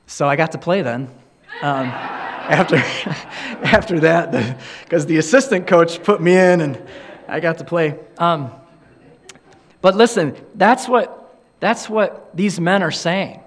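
Middle-aged male preacher, earnest and conversational, slightly higher voice, tells stories in his sermon. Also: animated, measured pace. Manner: conversational, earnest, acts out quoted dialogue. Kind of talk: sermon with storytelling.

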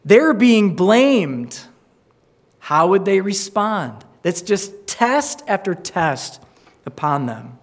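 High-voiced man preaching a sermon. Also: sing-song, extremely slow. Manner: earnest, restarts words, acts out quoted voices. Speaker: pastor. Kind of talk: sermon with Bible reading.

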